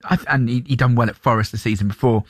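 A man co-hosting sports radio, chatty and animated as he argues football points. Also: medium pitch, fast, no echo, studio quality. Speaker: radio co-host. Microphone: studio microphone.

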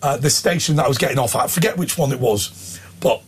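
A middle-aged English man and presenter, chatting casually in a studio and telling animated anecdotes with voices. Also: mid-range voice, quick pace, husky.

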